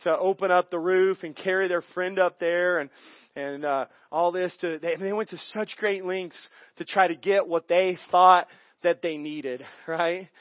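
Brief: male pastor, high voice, animated storyteller with chuckles, dry dull recording. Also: unhurried, dry recording. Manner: animated, chuckling, frequent restarts. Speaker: guest pastor. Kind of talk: storytelling sermon. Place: church sanctuary.

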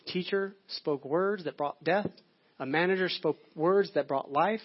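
A man's voice: a little high, unhurried, husky. A male pastor giving a sermon in a conversational, storytelling way. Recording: dull lo-fi audio.

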